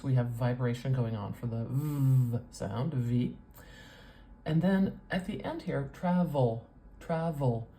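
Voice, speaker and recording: A woman with a North American accent, teaching as a speech coach with patient explanations and drawn-out sound demonstrations. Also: deep voice, warm tone, a little hiss or hum. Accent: North American English. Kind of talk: teaching with a whiteboard demo.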